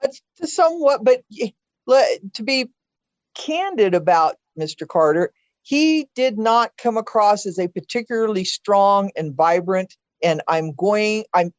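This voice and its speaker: A woman's voice: mid-range voice, expressive, a little slow, no echo. An older woman talking earnestly about past elections on a podcast, opinionated and often restarting her sentences. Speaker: podcast guest, host's mother. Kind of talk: casual political conversation. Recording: dull dry sound.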